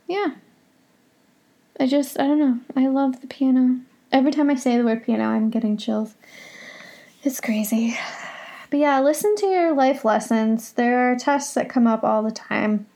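A young woman talks through her solo podcast from home in a rambling, heartfelt, confessional way. Her voice sits a little high and keeps slipping into a gravelly fry. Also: normal speed, dark tone. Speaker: podcast host.

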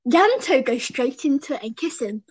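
A young woman in casual podcast chat, her voice sitting a little high. She rambles and giggles, chaining her thoughts with "and then". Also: very animated, moderate pace, breathy edge. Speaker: podcast co-host. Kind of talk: casual fan chat over a call.

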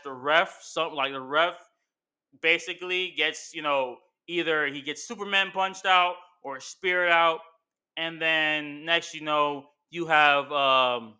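A man's voice: a little high, sharp tone, smooth. A man hosting casual commentary, rambling through his ideas with lots of fillers and restarts. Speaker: wrestling commentary host.

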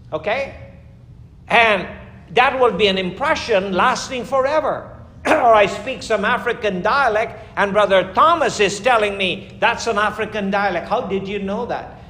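A man preaching a fervent sermon as pastor, emphatic, with sudden rises and slowed, stressed lines. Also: high-pitched, a bit bright. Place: church. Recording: echoey church room.

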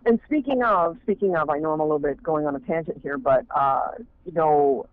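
Male indie filmmaker on a phone line, higher voice, rambling with fillers. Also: fairly quick. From Maine. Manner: rambling, many fillers and restarts. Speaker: fan film director. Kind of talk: casual interview talk.

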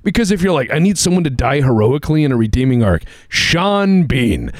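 A man's voice: medium pitch, big pitch swings, fairly quick, no room sound, clean studio sound. A man co-hosting a podcast in casual chat, speaking with enthusiastic, swooping emphasis. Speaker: podcast co-host.

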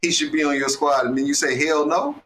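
A man hosting a sports podcast, teasing his co-host with rapid, challenging questions. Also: mid-range voice, little pitch movement, fairly bright tone, roomy sound, a little hiss or hum. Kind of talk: casual sports debate.

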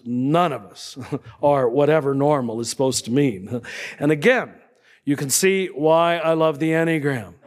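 A man giving a spiritual talk to an audience, conversational, often checking in with the listeners and chuckling softly. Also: a little high. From United States. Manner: conversational, checks in with tag questions and soft chuckles. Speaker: spiritual teacher.

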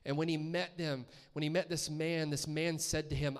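A male guest preacher delivers a sermon in a church. His voice sits a little higher than most men's. He keeps it conversational and often turns to the congregation with questions. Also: little pitch movement, normal speed, smooth.

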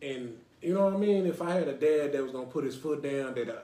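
A man's voice: fairly high pitch, animated, quick pace, mellow. A young adult man from Dallas, Texas, hosting a casual podcast and rambling, often asking "you know what I mean". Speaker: podcast host. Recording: roomy echo.

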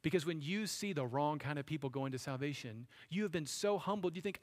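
A man gives a sermon to his congregation in a fairly high voice. He preaches in a conversational way and keeps asking rhetorical questions. His voice carries a long reverb from the church hall. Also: animated, fast, darkish tone. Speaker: pastor. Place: church sanctuary.

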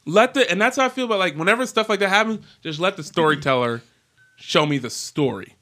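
Man, bright tone, casual podcast chat, animated. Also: sits high. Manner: animated, laughs often, quick asides. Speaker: podcast co-host.

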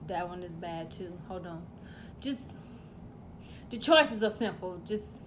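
A woman delivering a profane comedic rant, loud and blunt, swinging between shouting and muttering asides. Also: on the low side, a little slow, noisy background.

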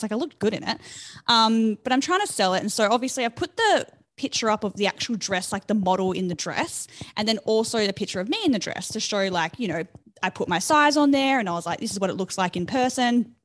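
A woman's voice: medium pitch, no room sound. Brief: young woman, podcast host, chatty storyteller, dry close sound. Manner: chatty, animated storytelling with lots of fillers. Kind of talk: casual chat.

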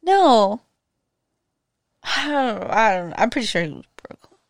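A woman co-hosting a casual film podcast, her voice a little higher than usual. She chimes in with short, relaxed replies. The recording is dry and close. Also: measured pace, no echo. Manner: relaxed, brief replies, laughs easily. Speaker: podcast co-host. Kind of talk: casual movie chat.

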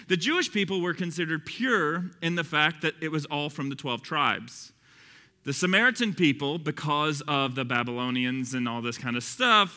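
Male Bible teacher, casual and chatty, bright cutting voice, reverberant hall sound. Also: on the high side. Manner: conversational, chatty, with restarts and asides. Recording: long reverb of a large hall.

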